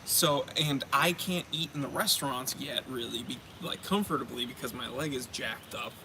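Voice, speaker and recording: A man's voice: mid-range voice, moderate pace. A man hosting a casual chat, rambling with many fillers and joking around. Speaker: host. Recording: noisy background.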